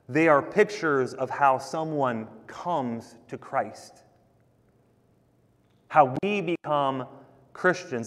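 A man preaching a sermon, conversational and emphatic, talking to the congregation as guys. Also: mid-range voice. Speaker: pastor. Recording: long hall reverb.

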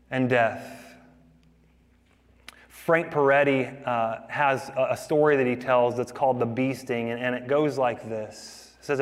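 A man preaching a sermon in a dramatic way, rising to loud declarations and dropping to near whispers. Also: medium pitch, in a large hall. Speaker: pastor.

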